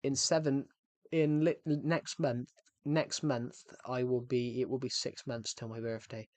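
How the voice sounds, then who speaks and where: A man's voice: mid-range voice, flat delivery, a little slow, no echo. A young man, chatting casually with his viewers during a livestream and often repeating himself. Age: 20s. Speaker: game streamer.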